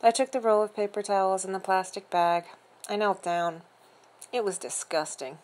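A woman reading a children's novel aloud in an expressive, conversational storytelling manner. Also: medium pitch, moderate pace. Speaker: reader.

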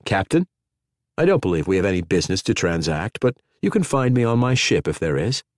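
A male narrator voicing a calm, level-spoken ship's commander. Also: low voice, a little fast, no echo, clean studio sound.

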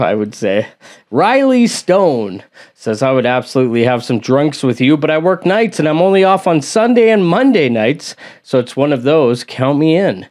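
Casting: male reaction-channel host, mid-pitched voice, chatty and hesitant, reading comments out loud. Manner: rambling, hesitant, with many fillers and asides. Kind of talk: casual chat reading viewer comments.

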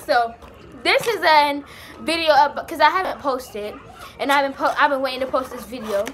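Bubbly high-voiced young woman vlogger. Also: moderate pace, slight background noise. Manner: excited, bubbly, chatty. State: out of breath. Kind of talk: casual vlog chat.

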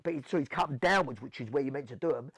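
A man with a South London accent, telling stories in an animated way as an interview guest, acting out what people said. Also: mid-range voice, racing, husky, dry recording. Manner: animated storytelling, acts out quotes, swears. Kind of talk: storytelling interview.

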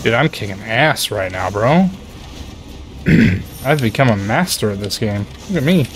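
A man streaming a video game, reacting loudly, swearing in frustration and chatting with his viewers. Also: lowish voice, lively intonation, measured pace, background noise. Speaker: gaming streamer. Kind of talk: live gameplay commentary reading chat.

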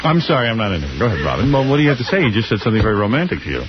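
A man's voice: lowish voice, big pitch swings, over a noisy crowd. A man hosting a radio call-in show, brash and teasing. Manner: brash, teasing, fast-talking. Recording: dull old radio broadcast with noise.

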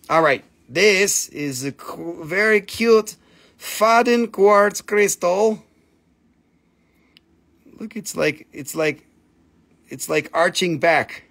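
A slightly high-voiced man runs a live crystal sale. His chat is casual and full of jokes and crude asides, and he croons over the stones as he shows them. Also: fairly bright tone. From Appalachian Valley, United States. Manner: joking, crude asides, sing-song crooning. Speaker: live stream crystal seller.

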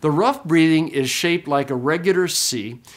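A man teaching a Greek class, explaining pronunciation patiently, repeating words slowly and checking in with "okay?". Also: on the high side. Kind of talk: classroom lecture.

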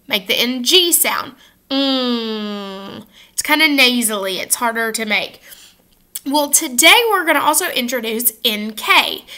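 A woman teaches a children's phonics lesson to the camera in a high, bright voice. She is upbeat and slows down to model each sound clearly for the kids to repeat. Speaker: first grade teacher. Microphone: facing camera at close range.

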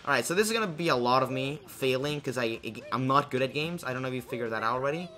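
A man's voice: mid-range voice, animated, quick pace, bright, forceful tone. A young man casually commenting while playing a video game, rambling and joking about himself, with lots of fillers. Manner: rambling, self-deprecating, many fillers and restarts. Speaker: let's play host.

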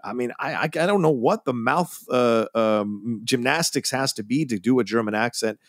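A man's voice: mid-range voice, moderate pace, no echo. Podcast guy gushing about a movie, swears a bit, dry mic. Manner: enthusiastic, rambling, swears casually. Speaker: podcast co-host. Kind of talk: casual film discussion.

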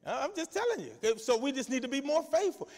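High pitched preacher guy hollering at the church, lively sermon, big echoey hall. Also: fairly quick. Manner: shouting, exuberant preaching. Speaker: pastor. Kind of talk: lively sermon with call and response.

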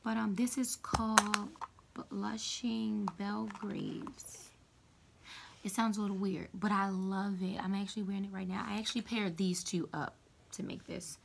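A woman chatting casually to camera as a beauty vlogger, playful and full of quick asides. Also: medium pitch, steady tone, creaky, noisy background.

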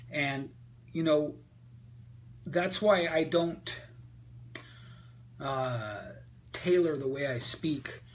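A man coaching an audience on a group call, answering their questions about voice and speaking in a candid, energetic way with frequent fillers. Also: mid-range voice, a little hiss or hum. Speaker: voice and presentation coach. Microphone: video call.

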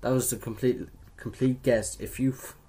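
A man's voice: medium pitch, steady tone, normal speed, warm tone, a little hiss or hum. A young man from Ireland doing casual quiz commentary, chatty, swearing casually and laughing at his own jokes. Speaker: video creator.

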